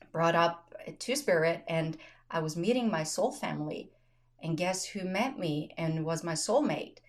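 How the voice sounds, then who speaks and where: A woman hosting a podcast, telling a personal story in casual conversation, acting out quotes and laughing often. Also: fairly low pitch. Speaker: podcast host.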